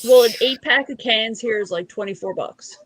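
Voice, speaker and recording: A woman's voice: fairly high pitch, normal speed, dry recording. A woman from Newfoundland with a Newfoundland accent, chatting casually and laughing often. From Newfoundland, Canada. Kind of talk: casual chat.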